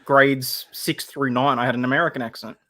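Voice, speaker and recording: A man's voice: medium pitch, steady tone, fairly quick, pushed and bright. A man from Australia, chatting casually on a video call with wry, self-deprecating humor.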